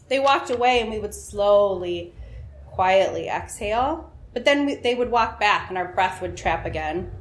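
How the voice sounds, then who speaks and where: A woman's voice: mid-range voice, roomy sound. A woman telling a personal story to an audience, wry and self-mocking, often laughing at her own lines.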